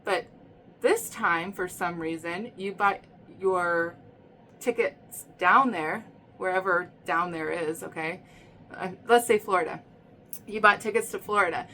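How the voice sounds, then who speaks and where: A woman's voice: fairly low pitch, a little slow, long pauses, bright, forceful tone, slight background noise. A woman giving a casual tarot reading in a chatty, rambling way, often checking in with "okay?" and "right?". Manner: chatty, repeats herself, frequent "okay?" and "right?". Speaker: tarot reader.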